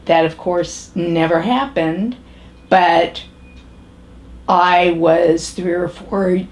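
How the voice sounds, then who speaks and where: An actress performing a monologue as a pragmatic, matter-of-fact middle-aged woman, speaking in a measured, halting way with pauses and restarts. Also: lowish voice, fairly even intonation, darkish tone. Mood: reflective. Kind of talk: character monologue.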